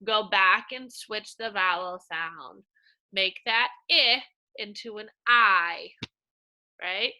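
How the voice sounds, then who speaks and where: A woman teacher giving a slow, coaxing reading lesson to young children, sounding out words in a sing-song way. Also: medium pitch, bright, forceful tone.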